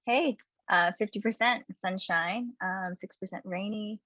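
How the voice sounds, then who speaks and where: A woman's voice: medium pitch, measured pace, a bit bright, dry recording, dull audio. A woman hosting a webinar, introducing a guest in a chatty, upbeat way and laughing easily. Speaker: webinar host.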